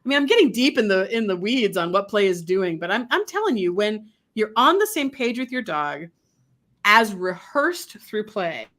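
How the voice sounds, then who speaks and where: Lady dog trainer chatting on an interview, lively, does little voices as she goes. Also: medium pitch, moderate pace. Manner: animated, acts out quoted voices. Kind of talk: casual interview talk.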